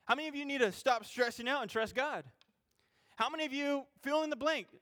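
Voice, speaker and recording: A man preaching a sermon as a youth pastor. He is animated and informal, swinging between loud emphasis and quiet, self-deprecating asides. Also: very high-pitched, fairly quick.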